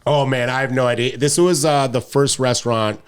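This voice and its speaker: Guest chef from Detroit, thirties, relaxed chat, laughs easily, mid-range voice. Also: male voice, medium pitch, normal speed, smooth. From Detroit, USA. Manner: laughs often, trails off and restarts sentences. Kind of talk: casual chat.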